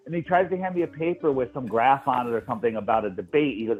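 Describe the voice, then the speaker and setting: Guy on a tinny call line telling a story, keeps repeating himself, animated. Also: mid-range voice, quick pace, few pauses, breathy edge, soft background music. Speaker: guest. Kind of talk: casual chat.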